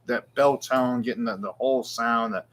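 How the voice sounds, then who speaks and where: A middle-aged man hosts a casual guitar show, talking in long, wandering, joking runs. His voice sits at an ordinary pitch. A faint hum lies under it. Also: fairly even intonation, moderate pace, a bit bright. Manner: rambling, chatty, self-deprecating. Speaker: guitar shop show host. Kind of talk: casual live Q&A chat.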